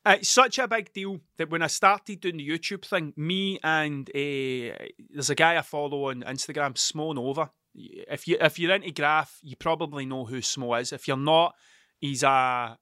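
A man's voice: fairly high pitch, no echo, studio quality. Sweary Scottish man telling stories. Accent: Scottish (Ayrshire). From Scotland (Ayrshire). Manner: sweary, animated storytelling. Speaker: podcast host. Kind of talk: casual solo podcast chat.

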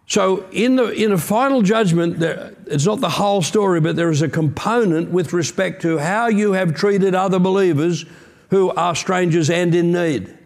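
A male pastor delivering a sermon in a fairly high voice. He preaches with earnest emphasis and breaks into casual asides to his congregation. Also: normal speed, gravelly.

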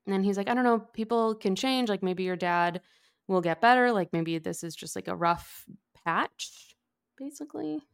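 A woman's voice: medium pitch, expressive, moderate pace, gravelly, clear, resonant tone. A woman co-hosting a podcast, casually recapping a book chapter in chatty talk full of "like" and "basically". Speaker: podcast co-host. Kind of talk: casual book-club chat.

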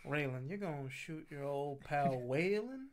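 A man doing a slow Southern drawl. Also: fairly high pitch, lively intonation. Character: drawling Southern lawman and outlaw, male.

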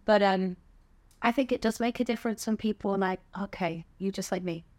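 A woman's voice: mid-range voice, brisk, a little mellow. A middle-aged woman with a southern English accent, a stand-up comedian talking frankly as a podcast guest, swearing casually and laughing often. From England. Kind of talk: candid conversational interview.

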